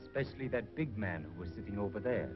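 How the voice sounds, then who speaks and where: An actor playing a watchful, calculating male spy who speaks in measured, formal broken English and proverbs, in 1930s film acting on a dull 1930s film soundtrack. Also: fairly low pitch, expressive, over music, natural voice.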